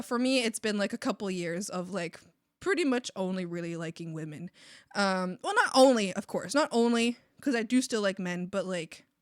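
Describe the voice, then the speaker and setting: A young woman artist chatting casually on a livestream while drawing, rambling and animated, often swearing and laughing. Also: medium pitch, no room sound, clean studio sound. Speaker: artist streamer.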